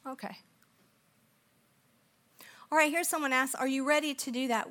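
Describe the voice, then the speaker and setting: A middle-aged woman preaching a storytelling sermon, animated and acting out the people in her story, then dropping to soft, intense tones. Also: high-pitched, unhurried, long pauses. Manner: animated, acts out quoted voices, drops to soft intense tones.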